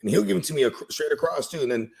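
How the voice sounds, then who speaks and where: A laid-back man in casual conversation, talking in slang and circling back with fillers. His voice carries a rough, gravelly texture through most of his speech. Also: a little high, animated, very fast, darkish tone. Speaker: guest friend. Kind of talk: casual chat.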